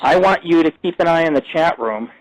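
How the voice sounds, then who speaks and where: A man's voice: a little high, lively intonation, brisk, low-quality recording. A middle-aged man hosting a live internet radio talk show, ranting and boasting in crude, profane language.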